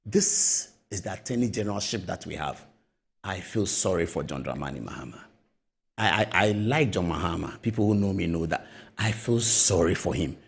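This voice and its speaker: Animated, husky-voiced Ghanaian male host. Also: lowish voice, brisk. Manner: storytelling, acts out voices, emphatic. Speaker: show host. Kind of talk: animated political commentary.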